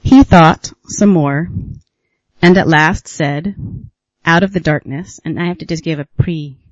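A man giving a reflective talk as a retreat teacher, musing unhurriedly with gentle laughs and pauses. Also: on the high side, no room sound, highs cut off. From United States.

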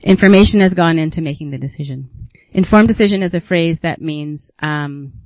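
A man from the United States, teaches at a retreat in a reflective, unhurried way, pausing to muse and laughing softly. His voice sits a bit high for a man. It is recorded close and dry, with a slightly dull, lo-fi quality. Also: dry recording. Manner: unhurried and musing, with gentle laughs and pauses. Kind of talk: reflective dharma talk.

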